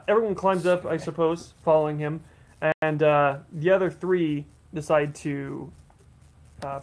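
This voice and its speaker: A man's voice: on the high side, gravelly. A man narrating a tabletop game as game master, rambling along with many restarts and fillers.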